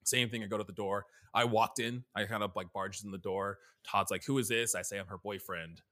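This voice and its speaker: Bright-voiced man in casual chat. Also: fairly low pitch, steady tone, brisk. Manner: chatty, filler-heavy, retells scenes with quoted lines. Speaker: podcast co-host. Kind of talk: casual chat recounting a video game.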